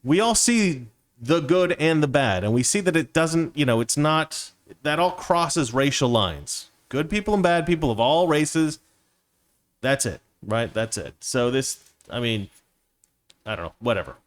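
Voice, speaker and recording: A man's voice: a little high, expressive, unhurried. A man hosting his own show, delivering a rambling opinion monologue full of restarts and digressions. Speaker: show host.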